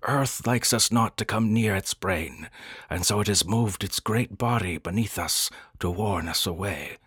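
A man's voice: on the low side, unhurried, fairly bright tone, husky, no room sound, clean studio sound. A man voicing a solemn, fearful male Arctic guide who speaks in stilted, old-fashioned phrases.

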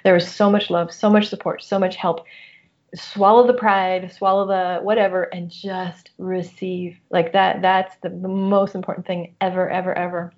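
A woman's voice: on the low side, level tone, normal speed, darkish tone. A middle-aged woman, a coach and guest, speaking candidly about personal loss in an earnest, open way with many restarts. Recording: muffled lo-fi audio.

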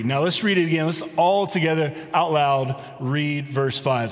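Man preaching in a reverberant church. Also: fairly high pitch. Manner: conversational preaching, rhetorical questions, reads scripture slowly. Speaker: pastor. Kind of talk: sermon. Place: church sanctuary.

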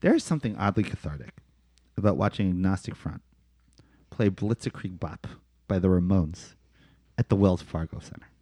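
A man talks casually, swearing and throwing in "dude" and "man" as he tells a story. His pitch leaps around. The recording is dry and close. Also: moderate pace, pauses often, no room sound. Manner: animated storytelling with big pitch swings. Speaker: podcast co-host. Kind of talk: casual chat.

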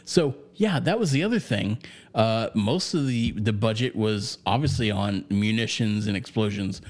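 A man's voice: lowish voice, lively intonation, normal speed. Casual, rambling guy reviewing a movie. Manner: rambling and profane, with lots of fillers. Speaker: podcast co-host reviewing a film. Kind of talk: casual chat.

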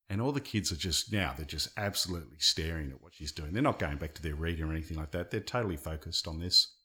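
A man co-hosting a podcast, telling a story in a conversational way that swells and dips in loudness. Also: fairly low pitch. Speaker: podcast co-host.

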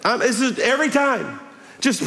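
A middle-aged pastor, preaching a sermon in a lively, folksy manner and drawing the congregation in with direct questions. His voice sits high for a man. The sound carries the long reverb of a large hall. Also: normal speed, a little hiss or hum. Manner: animated, folksy, chatty with the audience.

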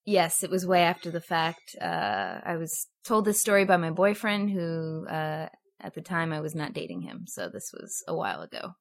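Woman, lowish voice, casual storyteller guest, filler-heavy, acts out quotes. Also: very animated, moderate pace, vocal fry. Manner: chatty, full of fillers, acts out quotes with raised pitch.

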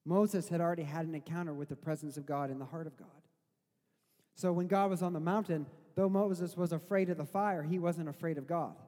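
A man preaching a sermon, conversational at first and rising to loud, slow, emphatic lines. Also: on the high side. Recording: hall reverb.

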